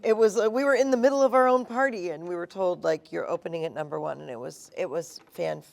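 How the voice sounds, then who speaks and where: A woman's voice: mid-range voice, fairly even intonation, brisk, creaky. A woman screenwriter telling stories at a live cinema event, enthusiastic and laughing often. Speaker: screenwriter guest. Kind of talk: animated conversational interview.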